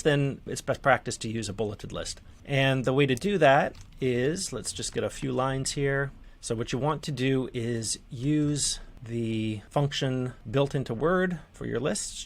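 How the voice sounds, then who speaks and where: Man, tutorial voice, conversational, relaxed, fillers and restarts. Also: medium pitch. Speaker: editor teaching manuscript formatting. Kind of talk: screen-share tutorial.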